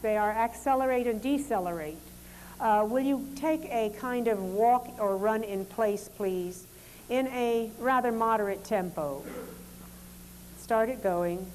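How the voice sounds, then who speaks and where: A woman leading a lecture demonstration, giving calm, polite directions to dancers and explaining as she goes. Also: mid-range voice, slight background noise. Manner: calm, instructive, polite commands.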